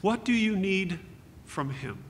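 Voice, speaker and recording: A man's voice: sits high, sing-song, slow. A man giving an earnest, consoling memorial sermon as pastor, quoting scripture. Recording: echoey hall with faint hum.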